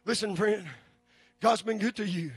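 A man preaching a sermon, building to shouted, drawn-out peaks and then dropping low and quiet. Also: fairly even intonation, breathy edge, dry recording. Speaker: pastor.

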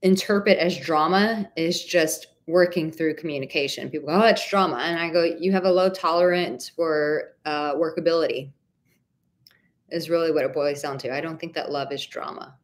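A woman's voice: low-pitched, moderate pace. A woman relationship coach answering viewers' questions in a live stream Q&A, candid and emphatic, casually swearing and calling viewers honey and darling. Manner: warm pet names for viewers.

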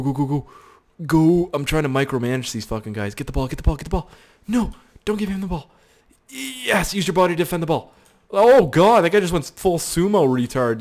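A man in the middle of a gaming session, talking in a lively voice that swings high and low. He swears freely, yells at his game characters and pokes fun at himself. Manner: self-mocking banter. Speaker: gaming YouTuber. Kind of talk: let's play commentary.

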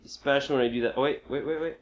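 A man commentating while he plays a video game, reacting with frequent excited outbursts and exclamations. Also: medium pitch, racing, muffled recording. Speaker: gamer. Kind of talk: gameplay commentary.

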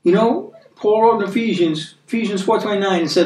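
A man with an American accent giving a conversational sermon, earnest, repeating words for emphasis and reading scripture slowly. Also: sits high, a little mellow. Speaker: preacher. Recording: echoey room, mic at a distance.

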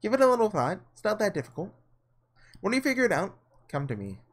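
A man reading a visual novel aloud, voicing a muffled, seductive female witch spirit who speaks softly and coaxingly. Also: sits high, big pitch swings, quick pace, voice pushed up, heavily acted. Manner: soft, coaxing, honeyed.

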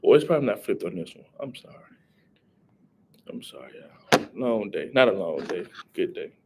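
A man's voice: fairly low pitch, sing-song, normal speed, heavy background noise. A young man, rambling casually on a live stream and greeting viewers in chat. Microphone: headset.

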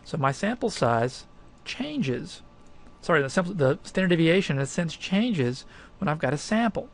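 Male math instructor, somewhat high voice, talks through steps, emphatic, casual fillers. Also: big pitch swings, moderate pace, creaky. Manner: conversational, emphatic, thinks aloud with fillers. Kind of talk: recorded lecture walkthrough.

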